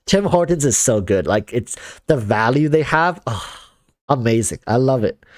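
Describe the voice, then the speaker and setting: A man's voice: mid-range voice, animated, unhurried, no echo, clean studio sound. A man chatting casually on a livestream, rambling with lots of fillers and restarts, reading viewer comments. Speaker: streamer.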